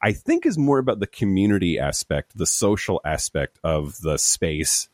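A man's voice: low voice, big pitch swings, normal speed, a little mellow, no echo, clean studio sound. A man co-hosting a podcast remotely while sick with covid, rambling and repeating words as he explains. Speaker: podcast co-host. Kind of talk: casual chat. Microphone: remote recording.

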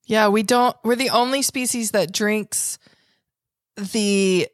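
A woman co-hosting a podcast, upbeat and joking, pitching listeners in a playful way. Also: steady tone, slow, no room sound, clean studio sound. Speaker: podcast co-host. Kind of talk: casual chat.

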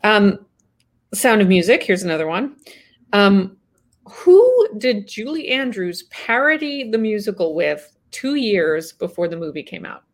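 A woman's voice: mid-range voice, big pitch swings, a little slow. A woman co-hosting a casual trivia show, reading out quiz questions in a chatty way with some fillers. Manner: quizzing, conversational with fillers. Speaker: podcast co-host asking quiz questions.

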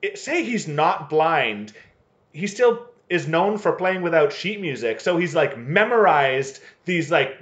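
A man's voice: fairly high pitch, very animated, measured pace, a bit bright, echoey room, dull audio. A man co-hosting a casual podcast chat, sweary and jokey, retelling TV scenes with the characters' lines. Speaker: podcast co-host. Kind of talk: casual chat recapping a TV episode.

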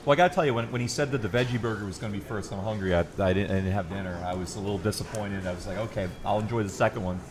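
A man's voice: fairly low pitch, racing, few pauses, noisy background. A man hosting a radio show, chatting eagerly and with enthusiasm. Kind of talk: casual radio chat.

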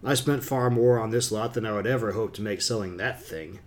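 A man voicing a calm, smirking male villain who threatens quietly in a level tone, in an audiobook. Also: lowish voice, a little fast, natural voice. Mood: menacing calm.

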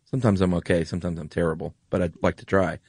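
Man, podcast co-host, enthusiastic and rambling, very low voice, dry close sound. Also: level tone, quick pace, a little mellow, husky, no room sound. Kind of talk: casual chat.

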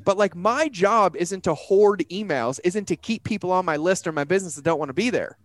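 A man talking as a business coach in a casual, animated way, full of slang and acted-out quotes. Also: sits high, brisk, dry recording.

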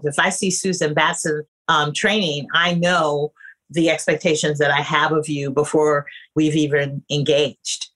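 Emphatic woman acting coach, lowish voice. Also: fairly bright tone. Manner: emphatic, conversational, addresses listeners as you guys. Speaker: acting coach and casting director. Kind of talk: podcast talk to actors.

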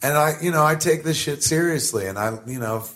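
Profane, animated middle-aged man. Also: a little high, brisk. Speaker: guest. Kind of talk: casual podcast conversation.

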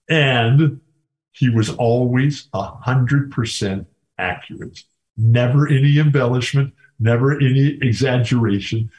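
Older American man, podcast guest, rambling and enthusiastic, mid-pitched voice. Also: darkish tone. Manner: rambling, enthusiastic, repeats words. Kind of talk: casual storytelling interview.

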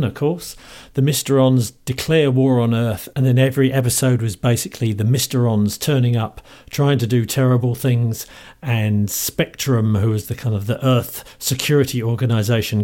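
Chatty Cockney host. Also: male voice, mid-range voice, a little mellow. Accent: London Cockney. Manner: chatty, amused, fond. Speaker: podcast host. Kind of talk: casual enthusiastic commentary.

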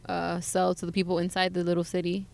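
A woman's voice: on the low side, completely flat delivery, fast talker, gravelly, a little mellow. A woman in her thirties telling travel stories in casual chat, saying "like" constantly. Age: 30s. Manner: chatty, heavy use of "like". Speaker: guest sharing travel stories.

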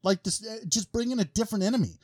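A man's voice: sits high, lively intonation, fast, a little mellow, no echo, studio quality. A man hosting a casual podcast, rambling and joking with many fillers and restarts. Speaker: podcast host.

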